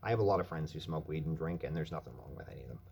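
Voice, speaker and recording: Husky-voiced man on an angry rant. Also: very deep voice, animated, rapid-fire, a little mellow. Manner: angry, heavy swearing. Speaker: vlogger. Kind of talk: profane rant.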